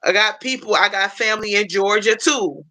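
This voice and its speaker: A woman's voice: mid-range voice, moderate pace, bright, forceful tone. A woman hosting a casual livestream chat, rambling and restarting often, heartfelt and openly emotional. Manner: chatty, rambling with many restarts. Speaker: livestream host.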